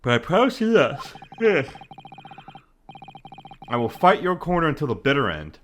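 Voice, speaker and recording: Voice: mid-range voice, sing-song, moderate pace, fairly bright tone, a little hiss or hum. A player reading a game's young male law student acting as defense lawyer, earnest and a little stammering. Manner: hesitant, stammering.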